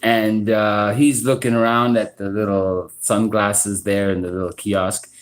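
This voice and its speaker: Slow-talking man, rambling story. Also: lowish voice, little pitch movement, poor audio. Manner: rambling, halting restarts, frequent "you know" and "right". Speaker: live stream host. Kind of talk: casual storytelling monologue. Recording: informal live stream audio.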